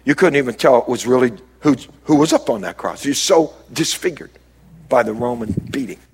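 A man preaching a sermon as a pastor, dropping low and quiet and then rising to emphatic, raised lines. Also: animated, fairly quick, slightly rough.

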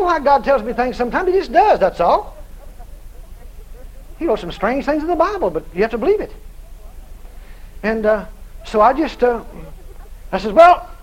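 High-voiced, lively preacher man telling a story. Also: rough recording. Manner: animated storyteller acting out dialogue, laughing. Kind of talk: sermon storytelling.

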